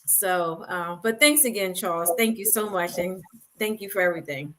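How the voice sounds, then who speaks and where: A woman's voice: lowish voice, animated, moderate pace. A woman guest panelist who talks in an effusive, thankful way. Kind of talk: casual chat.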